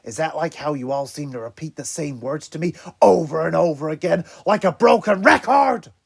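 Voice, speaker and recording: A man voicing a hot-headed, sarcastic teenage mutant turtle in an audiobook, loud and snappish. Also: a little high, moderate pace, gravelly, slightly rough, voice pushed up.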